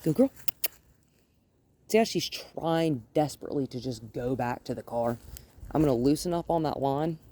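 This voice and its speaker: A woman dog trainer giving an outdoor training demonstration, calmly coaxing and praising a dog while plainly explaining each step. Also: rumbling low, normal speed, pauses often. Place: outdoors by her front yard and gate.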